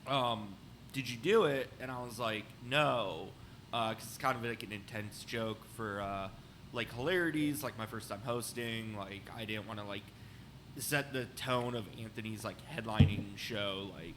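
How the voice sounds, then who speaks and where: A man's voice: on the low side, moderate pace, background noise. A man, a comedian on a podcast, telling an embarrassing story hesitantly, with many fillers. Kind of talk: casual chat, storytelling.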